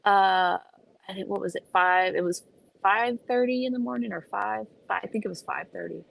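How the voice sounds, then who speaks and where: A young woman telling a story in a casual vlog, animated and profane, with plenty of emphasis. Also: medium pitch, moderate pace, creaky. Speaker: vlogger.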